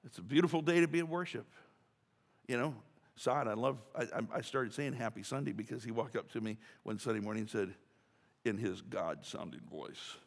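A man's voice: medium pitch, brisk, gravelly. Joking pastor guy rambling through a sermon, lots of restarts, church hall echo. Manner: chatty, joking, many restarts and asides. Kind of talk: casual sermon. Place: church sanctuary.

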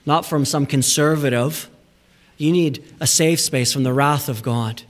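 A man pastor preaching a sermon in a church, emphatic, sometimes dropping to hushed asides and repeating words for emphasis. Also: a little high, unhurried. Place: church sanctuary.

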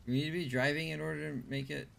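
A man's voice: fairly high pitch, steady tone, racing, gravelly, fairly bright tone. A man casually commenting while he plays a video game and chats with viewers, thinking aloud as he goes. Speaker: streamer.

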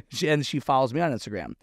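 A man's voice: mid-range voice, moderate pace, dry recording. Chatty male coach on a dry mic. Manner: rambling, self-questioning, frequent fillers. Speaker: podcast co-host, fitness coach. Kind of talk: casual podcast chat.

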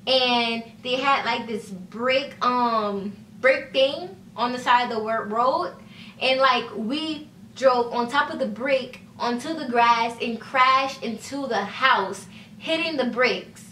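A vlogger, a young woman with a bright, slightly high voice, slowly tells a loose, chatty story to her camera, acting out other people's lines and filling her speech with "like" and "you know." She sits a bit away from the mic in an echoey room, and the recording carries some hiss or hum.

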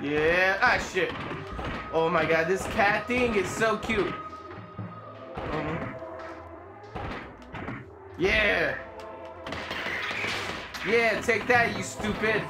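A gamer giving casual, excitable commentary while playing, joking around and swearing freely. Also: mid-range voice, drawn-out words, long pauses. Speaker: let's play gamer. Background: game music.

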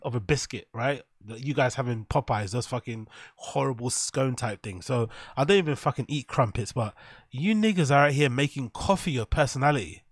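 A man's voice: medium pitch, no echo. Profane English guy, dry close sound. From England. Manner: chatty, profane, joking, shouts out viewers. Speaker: reaction streamer. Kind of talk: casual live-stream commentary.

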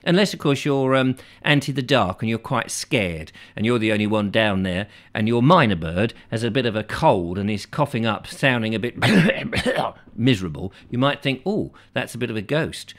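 A man's voice: fairly low pitch, animated, fairly quick, hardly any pauses. Male host, middle-aged, rambling comic monologue, sing-song delivery that swoops up and down. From England. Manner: whimsical, chatty, muses aloud, slips into silly character voices.

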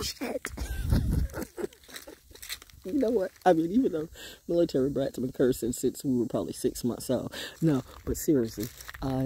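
Mellow-voiced woman rambling on a nature walk. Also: extremely low pitch, slight background noise. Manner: rambling and chatty, dropping into soft hushed asides. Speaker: vlogger. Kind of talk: casual walking monologue. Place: outdoors in nature.

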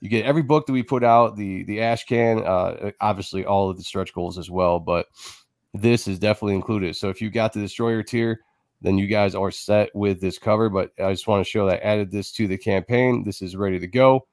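A man hosting a casual live stream, talking loosely with many fillers while he pitches his project. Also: fairly even intonation, fairly quick, a little mellow, no echo, studio quality. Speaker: host. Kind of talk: casual chat and product pitch.

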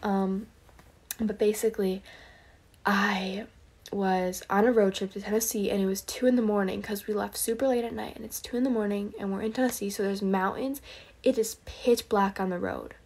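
On a late-night livestream, a young woman shares earnest faith stories as a casual testimony, sounding tired and rushing breathlessly through them while whispering prayers. Her mid-range voice is darkish and husky, with a steady tone and moderate pace.

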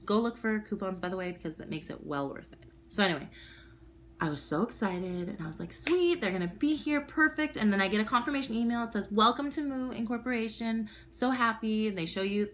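A woman's voice: mid-range voice, quick pace, fairly bright tone, a little hiss or hum. A young woman chats to her camera at home in a casual unboxing vlog. She is bubbly and gushing, full of exclamations as she shows things off. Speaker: vlogger.

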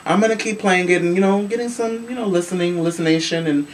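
A man's voice: high-pitched, quick pace. Sassy gossiping man, distant mic. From Chicago. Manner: sassy, animated, swears freely. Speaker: show host. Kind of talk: casual celebrity gossip commentary. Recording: voice from a distance with faint room noise.

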